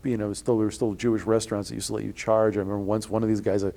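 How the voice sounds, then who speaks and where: Rapid-fire and creaky, this man speaks low with little pitch movement. As an interviewee and blogger recounting his experiences, he rambles through lengthy stories, frequently starting over, sounding indignant and voicing quoted people loudly.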